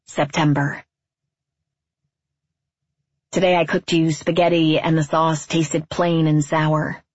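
A woman reading a literary story aloud as narrator, in a quiet, measured, wistful way, on a dull, dry recording. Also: low-pitched, little pitch movement, dry recording.

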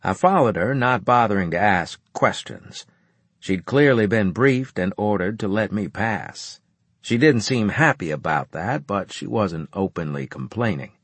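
A man reading a first-person audiobook narration in a measured, wry storytelling manner. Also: fairly low pitch, expressive, breathy edge, dry recording.

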